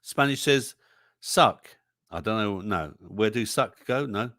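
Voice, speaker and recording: Slow-talking man hosting a quiz. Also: on the low side, lively intonation, fairly bright tone, no room sound, clean studio sound. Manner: jokey, reading out viewers' chat answers. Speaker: livestream show host. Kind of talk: hosting a casual song-lyrics quiz.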